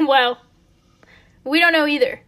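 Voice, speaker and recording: A woman's voice: sits high, a little slow, sharp tone. A teenage girl hosting a casual podcast over a phone call, joking and dramatic as she tells tall stories. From Colombia. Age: teens. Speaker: podcast host. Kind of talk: casual chat.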